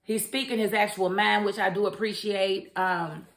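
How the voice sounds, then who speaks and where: A woman's voice: medium pitch, fairly even intonation, moderate pace, a bit bright. A young adult woman, reviewing a TV drama in a casual, opinionated way and talking straight to the characters. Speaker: TV show reviewer. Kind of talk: casual chat.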